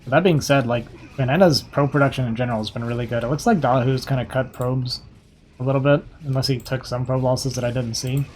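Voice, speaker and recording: A young man giving casual, quick play-by-play commentary on a strategy game match, a little hoarse and thinking aloud as he goes. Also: mid-range voice, steady tone, a little mellow, faint music behind. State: slightly hoarse, losing his voice. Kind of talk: live esports play-by-play commentary.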